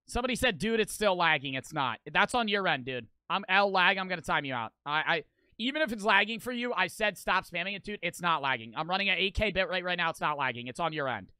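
A man's voice: high voice, sharp tone, clear, resonant tone, no room sound. A young man streaming a reaction video, with profane, mocking, rambling commentary.

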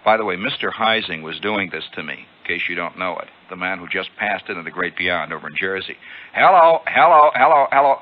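A man's voice: sits low, fairly quick, hardly any pauses, highs cut off, a little hiss or hum. Man telling a story on old radio. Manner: animated, chuckling, acting out the scene. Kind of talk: improvised radio monologue.

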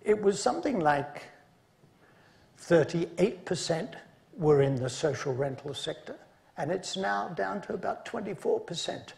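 Guy giving a conference lecture, bit higher voice, gravelly, measured with dry little jokes. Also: lively intonation, a little mellow. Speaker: conference speaker.

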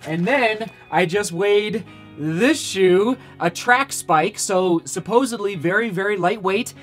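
Excitable man vlogging about running. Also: sits high, takes it slowly, faint music behind. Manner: enthusiastic, exclamatory, repeats phrases for emphasis. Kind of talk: excited casual vlog.

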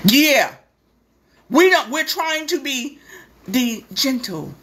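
A woman's voice: high voice, lively intonation, slow pace, fairly bright tone, slight background noise. A woman hosting a live stream, delivering a blunt, profane and sarcastic impassioned rant.

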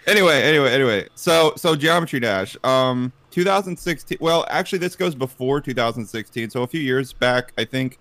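A man's voice: animated, fairly quick, hardly any pauses, a bit bright, no room sound. A man telling a story on a casual group podcast, rambling with lots of fillers and restarts. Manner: puts on silly high cartoon voices.

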